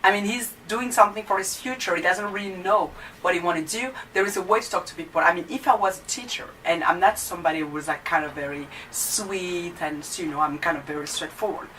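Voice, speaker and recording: A woman's voice: fairly low pitch, quick pace, few pauses, a bit bright, recorded from a distance, slight background noise, rough recording. A young woman, a student, ranting bluntly and heatedly in casual chat. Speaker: student vlogger.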